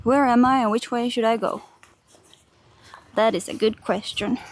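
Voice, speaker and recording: Young finnish girl walking a park on stream, giggly, talks to chat, a bit high pitched. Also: steady tone, normal speed. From Finland. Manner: chatty, giggly, reads and answers chat while walking. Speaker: IRL streamer. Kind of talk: casual live-stream chat. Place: large park outdoors.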